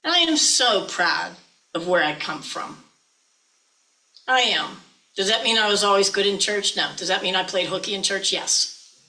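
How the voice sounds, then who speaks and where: Bright-voiced lady minister, folksy chatty sermon, likes to tease. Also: mid-range voice, expressive, normal speed, pauses often, low-quality recording.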